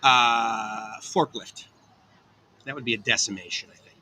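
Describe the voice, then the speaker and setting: A man livestreams casually from an outdoor cafe on a tropical island, staying upbeat as he reads viewer comments and answers people by name. He speaks unhurriedly at a medium pitch with a sharp tone, and the poor audio picks up slight background noise.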